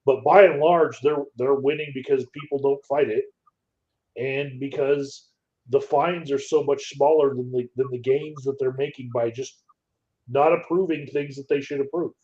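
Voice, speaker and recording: A man in a casual podcast chat, speaking in a measured, deliberate way. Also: medium pitch, fairly even intonation, a little mellow. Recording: dull lo-fi audio.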